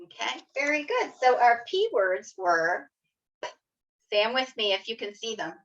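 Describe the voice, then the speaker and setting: A woman leads young children through a phonics lesson, speaking slowly and sounding out each letter with patient encouragement. Her voice is bright and fairly high. The audio is a little dull and lo-fi. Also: big pitch swings. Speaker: kindergarten teacher. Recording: slightly dull lo-fi video audio.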